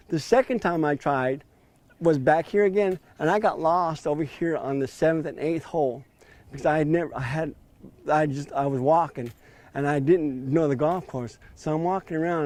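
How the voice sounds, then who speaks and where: A man's voice: a little high, darkish tone. A man in his fifties telling his story in an interview, acting out quoted dialogue with a raised voice. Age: 50s.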